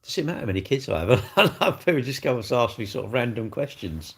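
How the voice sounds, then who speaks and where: A man's voice: medium pitch, sing-song, fast, slight background noise. An older man, hosting a casual livestream and chatting bluntly and jokily as he answers viewers' comments. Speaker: livestream host. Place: indoors, seated.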